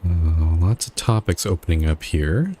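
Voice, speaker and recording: A man's voice: low-pitched, measured pace, dark tone, slight background noise. A man playing a game and thinking aloud as he commentates, reading and weighing the options. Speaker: gamer. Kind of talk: let's play commentary.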